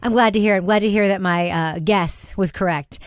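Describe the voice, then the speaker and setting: A woman hosts a podcast, steering the talk in a loose, chatty way. Her voice sits at an ordinary pitch and is recorded close and dry, with no room sound. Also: fairly quick, dry recording. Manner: chatty, leads the discussion. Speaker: podcast host. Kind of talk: casual chat.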